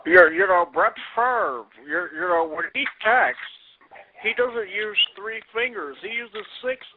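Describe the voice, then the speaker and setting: A man doing a rambling, gravelly old football commentator. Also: sits high, sing-song, measured pace, full character voice. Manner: rambling, stammering, laughing at own jokes. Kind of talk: comedy podcast impression. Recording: tinny phone-like lo-fi audio.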